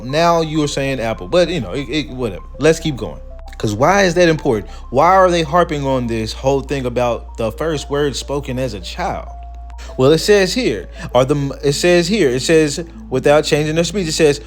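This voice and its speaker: A man hosting a commentary video, reading quoted passages slowly and then breaking into loose, casual remarks. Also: mid-range voice, expressive, faint music behind. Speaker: video host.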